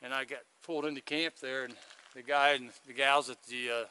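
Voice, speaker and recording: A man's voice: medium pitch, fairly even intonation, a little fast, bright, forceful tone, smooth. A man chatting to a handheld camera outdoors on a hiking trail, rambling through a long story in a casual vlog. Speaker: hiker vlogging his thru-hike. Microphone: handheld video camera.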